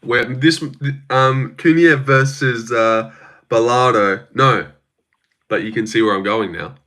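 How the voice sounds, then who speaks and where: A young Australian man hosts a livestream, casually chatting, joking and swearing while he reads viewer comments aloud. His medium-pitched voice is slow, bright and forceful in tone.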